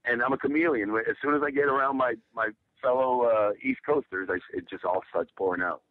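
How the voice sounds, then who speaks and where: A man's voice: mid-range voice, fairly quick, no room sound, narrow, tinny audio. A man from the United States, a guest in a casual interview, telling stories in a laid-back, rambling way.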